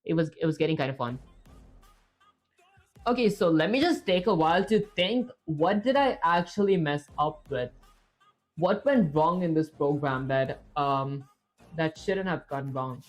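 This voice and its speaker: A woman with a fairly low-pitched voice chats casually with viewers while live-streaming her coding. She rambles and thinks aloud, reaching for words with fillers and talking to herself. She's on a streaming setup with a webcam.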